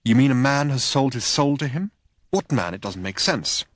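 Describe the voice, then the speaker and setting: A man voicing an inquisitive male detective who keeps prodding with sharp, impatient questions. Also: mid-range voice, expressive, moderate pace, dry recording, studio quality, pitched above the performer's own voice, close to an everyday voice. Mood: testy. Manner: prodding, increasingly testy questions.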